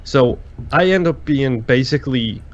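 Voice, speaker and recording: A man's voice: medium pitch, normal speed, highs cut off. A man co-hosting a casual chat, telling long rambling stories. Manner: chatty, rambling storyteller. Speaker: podcast co-host.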